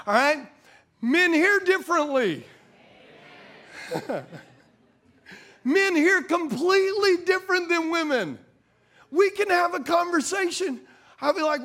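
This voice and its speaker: High-voiced man preaching with humor. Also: animated, takes it slowly, long pauses, fairly bright tone. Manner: playful, calls out to the audience for agreement; conversational, drops into folksy slang. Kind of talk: humorous sermon.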